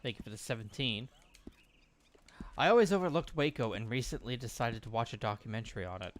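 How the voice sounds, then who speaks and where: A man co-hosting a live stream, briskly reading out viewer messages and comments. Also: medium pitch, animated.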